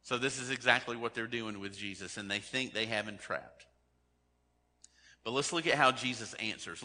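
A man's voice: medium pitch, sharp tone, big-room sound. A man preaching a sermon in a conversational way, often acting out the people he quotes. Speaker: pastor.

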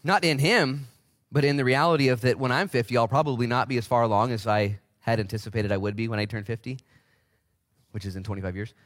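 A man in his forties preaching a casual, energetic sermon as pastor in a church, with big swings in pitch. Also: quick pace, dry recording, clean studio sound. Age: 40s.

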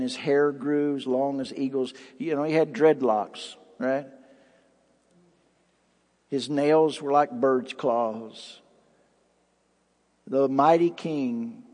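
A man's voice: mid-range voice, darkish tone. A man preaching a sermon as pastor, reading scripture aloud with dramatic rises and drops. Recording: long hall reverb.

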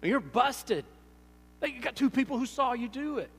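A man preaching a sermon, animated and storytelling, acting out little scenes in different voices. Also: very high voice, normal speed, husky, big-room sound. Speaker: pastor.

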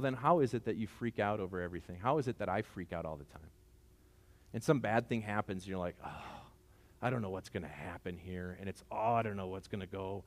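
A man in his forties preaches in a relaxed, chatty way, telling stories and turning to the congregation with questions. His voice sits a bit low. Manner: conversational storytelling with questions to the congregation. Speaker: pastor. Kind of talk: sermon.

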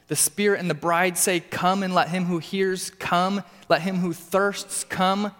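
A man preaching a sermon with earnest emphasis, his voice climbing for stressed points and dropping low for quiet ones. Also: flat delivery, measured pace, few pauses, long reverb tail. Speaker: pastor.

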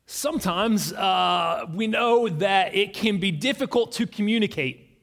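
A man preaching as pastor, earnest and halting, with many fillers and restarts. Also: high voice, a bit bright. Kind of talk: sermon. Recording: long reverb in a large hall.

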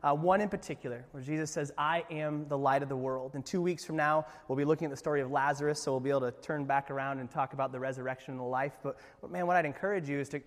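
High-voiced man preaching in a reverberant hall. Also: racing, few pauses. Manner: casual, animated retelling with lively asides. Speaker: pastor. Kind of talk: sermon.

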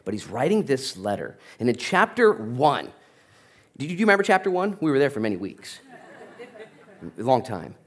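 A man preaching a sermon as a pastor, telling stories with lively, animated energy and acting out the people in them. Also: mid-range voice, moderate pace, pauses often. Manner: animated storytelling, acting out voices.

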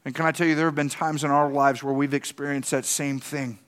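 A man's voice: fairly high pitch, level tone, a little fast, a bit bright, clean tone. A man preaching a sermon as pastor, impassioned, often repeating words and putting questions to the congregation.

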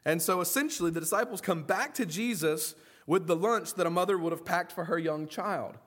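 A man preaching a sermon as pastor, in a lively, folksy way, often acting out the voices of the people in his story. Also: sits high, brisk.

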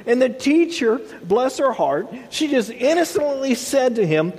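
A high-voiced man in his thirties delivers a sermon, weaving in animated stories and acting out each character's lines. His voice carries a long reverb from a large room. He moves between playful storytelling and earnest exhortation. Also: unhurried, hardly any pauses, slightly rough. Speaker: pastor.

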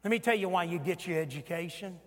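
An older man in his sixties preaching a sermon with emphatic delivery, his voice climbing when he quotes and sinking low for asides. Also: fast talker. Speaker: pastor. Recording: long hall reverb.

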